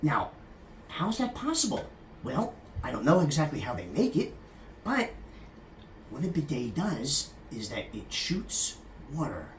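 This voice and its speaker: Crude, rambling man with a lively voice. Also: medium pitch, reverberant, a little hiss or hum. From California. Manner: rambling, crude and jokey, often addressing the camera operator by name. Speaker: psychotherapist giving a comic talk. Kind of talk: casual comic monologue to the camera operator.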